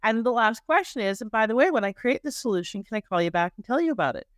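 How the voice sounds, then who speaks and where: A woman's voice: fairly high pitch, fast, no room sound. Canadian woman, emphatic coaching talk, dry sound. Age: middle-aged. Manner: animated and emphatic, with repetitions and restarts. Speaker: guest, marketing coach. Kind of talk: conversational podcast interview.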